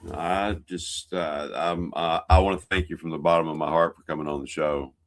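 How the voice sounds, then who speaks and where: Very deep-voiced, hesitant male co-host. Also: steady tone, normal speed. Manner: hesitant, full of uh, blunt opinions. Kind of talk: interview hosting.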